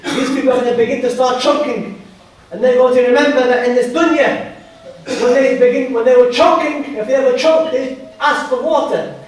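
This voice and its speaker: High-voiced man preaching in an echoey hall. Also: steady tone, a little fast. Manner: emphatic, repeats phrases for weight. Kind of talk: sermon. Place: mosque prayer hall. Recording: very echoey hall, voice far from mic.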